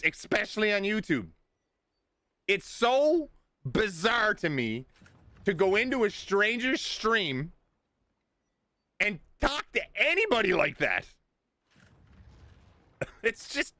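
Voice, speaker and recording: A man's voice: high voice, sing-song, slow pace, long pauses, sharp tone, no echo. Profane middle-aged man ranting on stream. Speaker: game streamer. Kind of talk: live gameplay stream, talking to chat.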